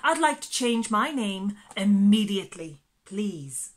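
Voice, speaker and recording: A woman's voice: medium pitch, big pitch swings, slow pace. A woman doing a fed-up storybook wasp. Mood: insistent. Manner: loud and emphatic. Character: fed-up wasp with a silly name, insistent and exasperated.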